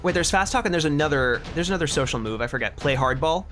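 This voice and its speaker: A man narrating a tabletop game as game master, in a relaxed, chatty way with many fillers and restarts. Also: fairly high pitch, fast, soft background music.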